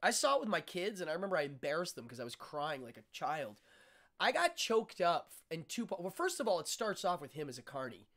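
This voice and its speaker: A man hosting a casual interview chat, telling stories in an animated, excitable way. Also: fairly high pitch, brisk. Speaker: host.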